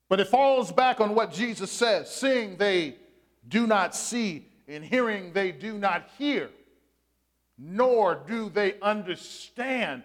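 A man's voice: high voice, expressive, takes it slowly. A middle-aged male pastor preaching a sermon in a conversational, storytelling way, asking his congregation questions and sharing personal stories.

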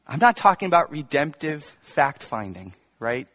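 A man's voice: on the high side, big pitch swings, moderate pace, fairly bright tone. A male pastor preaching a sermon to his congregation in a conversational way, with humorous asides and emphatic bursts. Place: church before a congregation.

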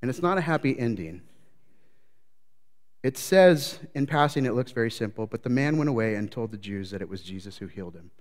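A man preaching a sermon as pastor, swinging between loud, lively retellings and low, quiet reflection. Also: fairly quick. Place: church sanctuary. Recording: long church reverb.

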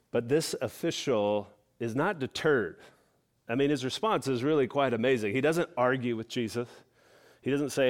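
A middle-aged man preaching a sermon at an ordinary pitch for a man. He walks through the passage earnestly and keeps it conversational, with casual asides to the listeners. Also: normal speed. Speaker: pastor.

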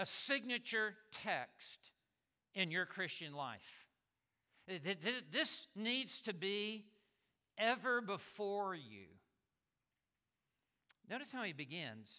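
A man's voice: sits high, pushed and bright, clear, resonant tone. A man preaching a sermon as a pastor, stressing and repeating key words, with small stammers as he restarts. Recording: long reverb of a large hall.

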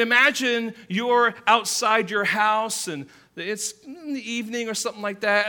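Bright-voiced animated male pastor. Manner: animated, acts out quotes with rising pitch and volume. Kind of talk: sermon.

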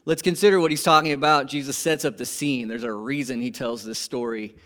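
A man preaching a sermon to his congregation, animated and conversational, asking rhetorical questions and swinging from emphatic peaks to quiet lows. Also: brisk. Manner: animated, rising to emphatic peaks then dropping low. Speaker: pastor.

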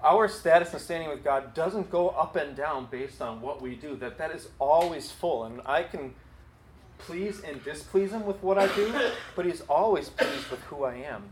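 A man preaching a sermon in a conversational, earnest way, with quick asides. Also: a little high. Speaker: pastor. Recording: echoey hall, faint background noise.

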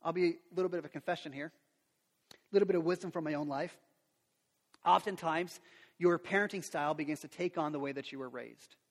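A middle-aged man preaching a sermon as a pastor, animated, acting out quotes and sound effects. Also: on the high side, fairly quick, long pauses. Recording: long reverb of a large hall.

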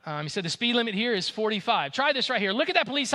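A man preaching a sermon as pastor, animated and acting out the people he quotes. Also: high voice, fast, hardly any pauses, big-room sound.

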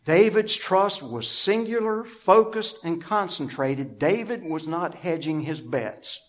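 Pastor guy giving a sermon, kinda high voice, takes his time, hammers the same words over and over. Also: animated. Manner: deliberate, emphatic preaching with repeated phrases.

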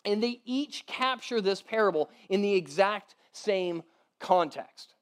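A man's voice: high voice, lively intonation, unhurried, clean tone. A man giving a casual, conversational sermon as pastor. He repeats words as he goes, laughs lightly between points and keeps asking his listeners "right?".

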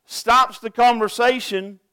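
A man's voice: very high voice, fairly even intonation, takes it slowly, sharp tone, clear, resonant tone, no room sound. A pastor preaching a sermon to his congregation, earnest and asking them direct questions.

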